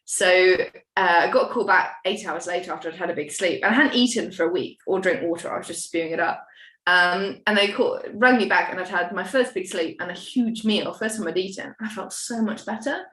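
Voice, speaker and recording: A woman's voice: fairly low pitch, a little fast, fairly bright tone. A young woman from the United Kingdom, a podcast guest telling her story in a candid, rambling, self-mocking way and swearing now and then. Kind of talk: casual storytelling chat. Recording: roomy echo.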